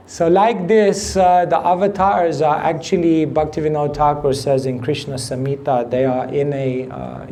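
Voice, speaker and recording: A man's voice: on the high side, dark tone. A man giving a devotional class to an audience, speaking unhurriedly and quizzing listeners with questions. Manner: unhurried, asks the audience questions, chuckles easily. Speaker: spiritual teacher. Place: temple hall with audience.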